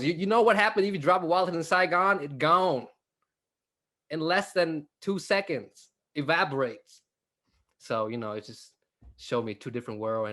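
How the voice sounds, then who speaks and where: A man's voice: mid-range voice, a bit bright. A young man from Vietnam, a comedian in a casual interview over a video call, joking and laughing with many fillers and restarts. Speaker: stand-up comedian guest.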